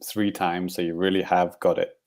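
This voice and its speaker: With a low, dark and mellow voice, a man co-hosts a podcast, rambling through casual chat full of fillers and little chuckles. He speaks at a normal speed with little pitch movement.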